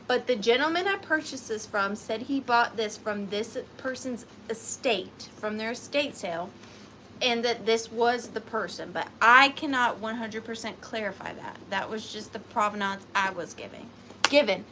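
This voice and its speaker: Brief: gushing woman host of a live sale, fast chatter, bright and slightly high voice. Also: a little hiss or hum. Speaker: online antique seller. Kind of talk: live-selling vlog chat.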